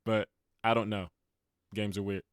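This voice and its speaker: A young man in his late twenties co-hosts a casual movie podcast, his voice low and recorded dry and close. He is animated, laughs a lot and slips into quick impressions of the characters. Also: clear, resonant tone, no echo. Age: late 20s. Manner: animated, laughs often, acts out quotes. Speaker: podcast co-host. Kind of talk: casual movie review chat. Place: podcast studio.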